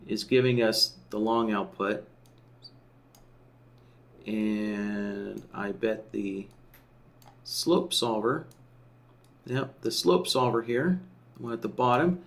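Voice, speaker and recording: A software trainer with a medium-pitched voice walks through a tool in a screen-share tutorial, step by step. Thinking aloud, he often checks in with "right?"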